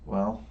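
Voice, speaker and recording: A sneering male villain mocks the heroes, as a man puts him on. His voice is raised and sharp. The sound is dull and lo-fi. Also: noisy background.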